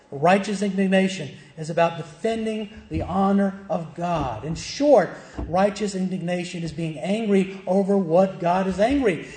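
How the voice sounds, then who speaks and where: Emphatic high-voiced male pastor preaching. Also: a little mellow. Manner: emphatic, asks rhetorical questions and answers them. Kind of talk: sermon. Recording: echoey church room.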